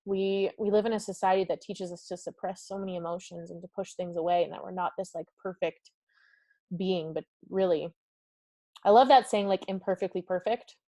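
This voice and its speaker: A woman hosting a live-streamed motivational talk, energetic and effusive, laughing often and reading viewers' comments aloud. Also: fairly low pitch, fairly quick, no echo. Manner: talks directly to viewers and reads comments aloud. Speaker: summit host.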